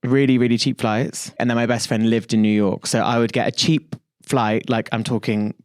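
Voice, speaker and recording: A podcast co-host chats casually at normal speed, his medium-pitched voice showing little pitch movement. He tells stories animatedly, swears freely and acts out quotes.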